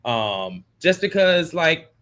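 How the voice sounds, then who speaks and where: Male co-host, fairly high-pitched, chatty and loose, casual recap talk. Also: sing-song, fairly bright tone, clean tone. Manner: chatty, laughing, drawn-out asides. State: yawning. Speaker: podcast co-host.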